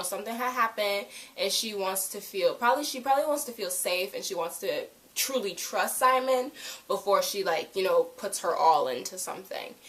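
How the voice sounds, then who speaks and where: A young woman reviewing a TV episode in a casual, animated way, full of slang and "like", jumping between loud outbursts and hushed asides. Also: mid-range voice. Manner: frequent "like" fillers, slangy.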